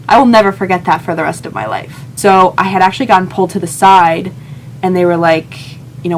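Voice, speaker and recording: A woman's voice: lowish voice, quick pace, slight background noise. A young woman telling a heartfelt personal story in a vlog, earnest and emotional, often quoting her own thoughts. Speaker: vlogger.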